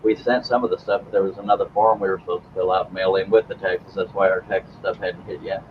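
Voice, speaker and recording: A man's voice: low-pitched, little pitch movement, fast. A man hosting a casual live stream, chatting to viewers in a folksy, joking way. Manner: folksy, joking, chuckles often. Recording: slightly dull, faint background noise.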